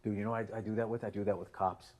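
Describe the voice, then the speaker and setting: A man's voice: lowish voice, little pitch movement, very fast, a little mellow. A man co-hosting a podcast, telling stories in casual chat and acting out both sides of the conversations. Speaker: podcast co-host.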